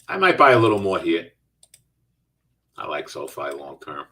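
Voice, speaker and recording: A man's voice: on the low side, expressive, moderate pace, pushed and bright, far from the mic. A middle-aged man hosting a live trading stream, talking casually and answering viewer chat as he trades. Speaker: stock trading host.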